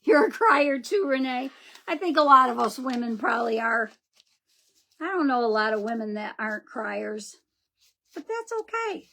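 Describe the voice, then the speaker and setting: A woman's voice: a little high, normal speed, fairly bright tone. A woman hosting a live crafting demo, chatting and greeting viewers by name as she works. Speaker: craft livestream host.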